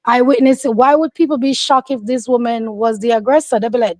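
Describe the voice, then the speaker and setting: A woman's voice: high-pitched, brisk, a little mellow, dry recording. A woman giving casual, opinionated commentary, emphatic and insistent, acting out the voices of people she quotes.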